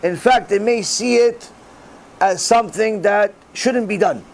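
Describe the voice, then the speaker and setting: A middle-aged man giving a religious class in sermon style, animated and acting out the voices he quotes. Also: high-pitched, a little slow, vocal fry, slight background noise, low-quality recording. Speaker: rabbi giving a Torah class.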